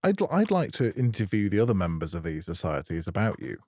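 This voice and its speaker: A man's voice: sits low, huge pitch swings, brisk, a little mellow, no echo, studio quality. A man co-hosting a casual podcast, chipping in with short comments. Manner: brief reactive comments. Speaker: podcast co-host. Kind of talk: casual chat.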